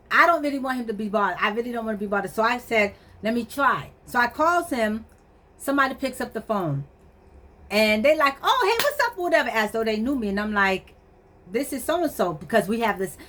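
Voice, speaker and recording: Woman, casual vlog storyteller, exasperated and slangy, medium pitch. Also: slight background noise. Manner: animated, exasperated retelling with quoted dialogue; conversational, slangy, frequent fillers like "or whatever".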